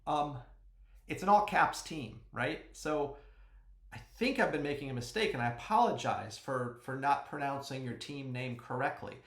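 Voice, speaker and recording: A man's voice: medium pitch, normal speed. Chatty joking man in an echoey room. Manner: chatty and joking, with sudden yells. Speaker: podcast host. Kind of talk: casual fantasy sports recap.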